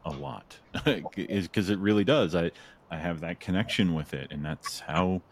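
A man with a fairly low voice hosts a podcast in relaxed conversation. He is chatty and laughs often. He slips into quick spoken asides that act out his own thoughts. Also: gravelly. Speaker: podcast host. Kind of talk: casual interview chat.

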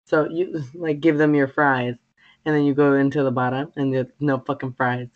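A woman's voice: extremely low pitch, fairly even intonation, normal speed. A young woman in casual chat, blunt and teasing, swearing freely. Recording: dull, lo-fi sound.

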